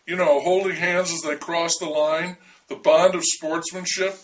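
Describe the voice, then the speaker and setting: A man's voice: a little high, level tone, unhurried, distant mic, a little hiss or hum, lightly acted. A man voicing a scheming male TV reporter who talks in a wheedling, scornful way. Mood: pushy.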